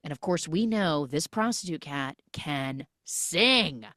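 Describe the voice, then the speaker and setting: A woman hosting a podcast, retelling a film with jokey, animated storytelling on a close mic. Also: deep voice, slow pace, dry recording. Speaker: podcast host. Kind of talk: comic film recap.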